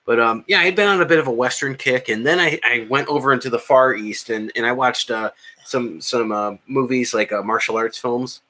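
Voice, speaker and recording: Bright-voiced man rambling about movies. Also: medium pitch, fairly quick. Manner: rambling, many fillers and restarts. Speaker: podcast co-host. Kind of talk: casual chat about movies.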